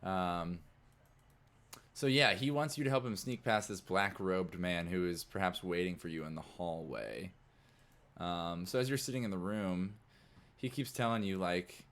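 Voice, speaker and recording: Deep-voiced male game master. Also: a little slow, fairly bright tone. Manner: loose, casual narration with many likes. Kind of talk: narrating a tabletop game.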